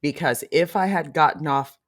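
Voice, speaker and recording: A woman's voice: low voice, moderate pace. A woman from Ohio, a podcast guest, recounting a travel ordeal with emphatic storytelling. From Cleveland, Ohio. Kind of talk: casual chat.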